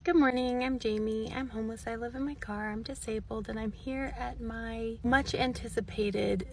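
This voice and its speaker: A woman talking candidly to her phone camera, venting her feelings in a diary-style vlog, sometimes dropping to a hush. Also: medium pitch, a little hiss or hum. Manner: candid, emotional, venting, at times hushed. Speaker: vlogger living in her car.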